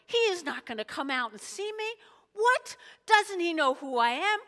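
Lady doing a ticked-off proud commander guy, loud and high, yelling questions in an echoey hall. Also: very animated, normal speed, heavily acted. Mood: furious. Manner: indignant shouting questions. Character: proud enemy army commander, male, adult, quick-tempered.

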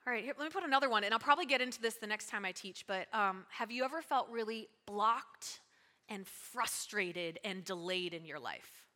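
A woman pastor giving a lively, conversational sermon, calling out to her congregation. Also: mid-range voice, fairly quick. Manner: lively, conversational preaching with audience call-outs. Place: church sanctuary. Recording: long hall reverb.

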